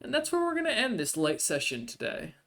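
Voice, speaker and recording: A man narrating a tabletop game as game master, rambling and filling pauses with "uh" and "um". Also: sits high, wildly swooping pitch, bright, forceful tone. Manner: rambling, filler-heavy.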